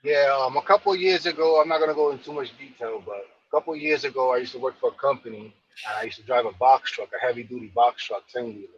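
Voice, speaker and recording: A man's voice: medium pitch, quick pace, dull audio. Man from New York telling a rambling story. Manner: rambling, many fillers and repeated phrases. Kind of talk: casual storytelling.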